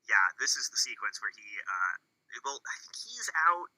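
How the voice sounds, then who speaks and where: A man's voice: fairly low pitch, sing-song, moderate pace, sharp tone, no room sound, rough recording. A man co-hosting a movie podcast, recapping a film plot in a rambling way with many fillers. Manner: rambling, many ums and uhs, acts out quotes. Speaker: podcast co-host.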